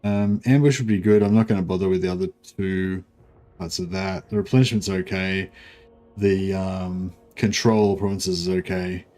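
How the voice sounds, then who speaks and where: A man's voice: low-pitched, fairly even intonation, moderate pace, warm tone. A man casually commentating a livestream of a strategy game, rambling with many fillers and restarts. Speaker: streamer.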